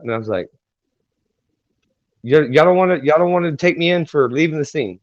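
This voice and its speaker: A man telling a long personal story in a halting, rambling way as an interview guest. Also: on the high side, animated, dry recording. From Texas. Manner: rambling, halting, many fillers and restarts. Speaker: guest singer-songwriter. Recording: dry, dull lo-fi sound.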